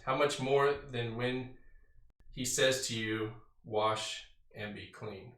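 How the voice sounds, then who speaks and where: A man's voice: medium pitch, slow, a bit bright. A man casually teaching a Bible study, reading scripture aloud and then explaining it in a conversational way with fillers. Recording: roomy sound from a distant mic.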